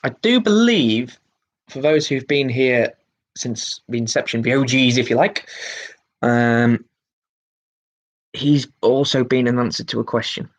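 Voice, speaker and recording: A man's voice: medium pitch, unhurried, pauses often. A man hosting a pub quiz, reading each question twice with chatty asides in between.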